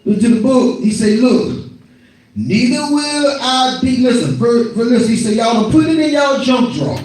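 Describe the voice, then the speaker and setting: High-pitched middle-aged guy preaching hard, shouting and repeating himself, really echoey hall. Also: very animated, moderate pace, distant mic. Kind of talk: sermon. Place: worship hall.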